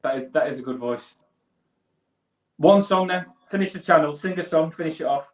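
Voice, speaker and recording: A man's voice: fairly high pitch, moderate pace, muffled recording. A man hosting a casual fan show chat, rambling and restarting his sentences. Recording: echoey room.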